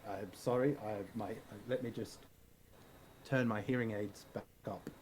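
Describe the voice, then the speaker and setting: A man's voice: on the low side, steady tone, a little slow, darkish tone, a little hiss or hum, natural voice. A man improvising a pompous older male language coach who stammers and keeps switching put-on accents. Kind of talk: improvised comedy scene.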